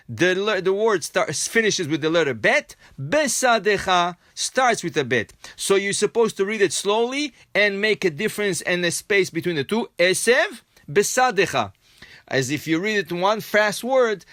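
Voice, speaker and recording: High-voiced rabbi explaining Talmud step by step. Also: male voice, a bit bright, dry recording, clean studio sound. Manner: explains step by step, repeats and restates points. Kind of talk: daily Talmud class.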